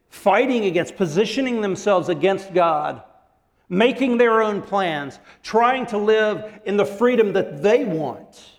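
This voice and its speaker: Animated male pastor in a reverberant hall. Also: high voice. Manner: animated, acts out quotes and laughs often. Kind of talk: sermon.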